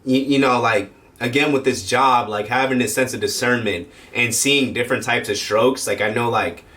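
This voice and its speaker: In a casual storytelling vlog, a young firefighter and paramedic rambles through a personal story, using plenty of slang and filler words and acting out the quotes. His mid-range voice is steady and sharp, moving at a normal speed.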